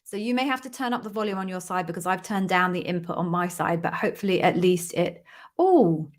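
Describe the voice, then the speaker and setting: A woman's voice: fairly low pitch, brisk. A woman hosting a casual live-stream Q&A, chatty and playful as she greets viewers by name, talking into a computer microphone in a room at home. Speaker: host of live Q&A stream, former interview bar raiser.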